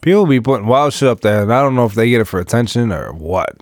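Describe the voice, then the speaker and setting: A man's voice: medium pitch, lively intonation, fast, darkish tone, dry recording. A man co-hosting a casual podcast, teasing his friend in a laid-back way with casual swearing. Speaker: podcast co-host. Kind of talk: crude casual banter.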